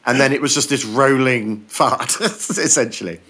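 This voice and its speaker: A man's voice: medium pitch, moderate pace. A man chatting on a podcast, telling long jokes and acting out the characters in them. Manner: animated storyteller acting out joke characters. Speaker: podcast guest. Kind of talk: casual chat.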